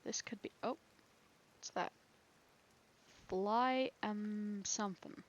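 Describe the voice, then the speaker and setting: A woman's voice: medium pitch, slow pace, highs cut off. A woman playing a survival game and thinking aloud, chatty and rambling, laughing often. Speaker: gaming video creator. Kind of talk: thinking aloud during gameplay.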